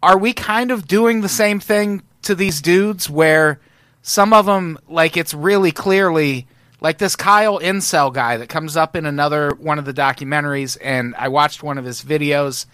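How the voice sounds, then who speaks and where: A man's voice: fairly high pitch, moderate pace, fairly bright tone, no room sound, studio quality. A man in casual chat, thinking aloud in a searching way with hesitant restarts.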